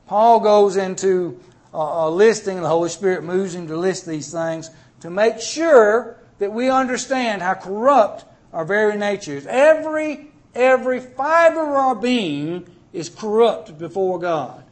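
Man preaching a sermon, pretty high voice, emphatic and folksy, tells little stories. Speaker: pastor.

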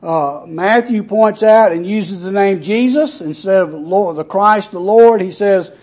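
A man's voice: sits high, measured pace, a little mellow. A man preaching a sermon in a conversational way, with frequent fillers, lifting his voice when he reads scripture aloud.

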